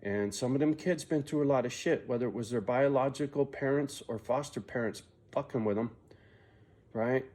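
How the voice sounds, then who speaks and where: Middle-aged male vlogger, profane and confiding, mid-pitched, rambling storyteller. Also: normal speed, a little mellow. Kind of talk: personal storytelling vlog.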